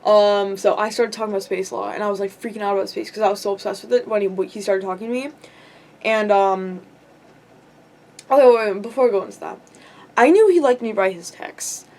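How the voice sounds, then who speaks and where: A woman's voice: medium pitch, brisk, a little mellow. A young woman telling a rambling storytime vlog, full of likes and ums and giggling asides. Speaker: vlogger.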